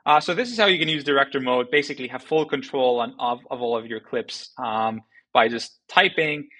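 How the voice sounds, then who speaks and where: A man presenting a software tutorial in a loose, conversational way, with many fillers and tag questions. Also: mid-range voice, brisk, poor audio. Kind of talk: casual screen-recorded tutorial.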